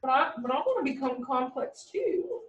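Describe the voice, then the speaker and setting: A woman's voice: high voice, big pitch swings, moderate pace, roomy sound, distant mic, dull audio, slight background noise. A woman voicing a small, boastful male prokaryote cell in a classroom dramatization. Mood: pleading. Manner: boastful, offering a deal. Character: tiny cocky male prokaryote cell, eager.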